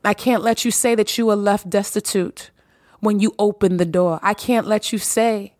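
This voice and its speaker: A woman hosts her own podcast in a solo monologue, preaching with emphasis and circling back on her phrases. Her voice sits at a middle pitch. The recording is close and dry, with no room sound. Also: fairly even intonation, moderate pace, a little mellow, no room sound. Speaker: podcast host.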